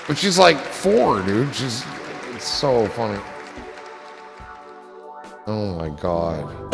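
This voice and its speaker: Man, gravelly voice, casual livestream chatter, joking and swearing, reverberant room, music and crowd noise behind. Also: mid-range voice, lively intonation, measured pace, long pauses.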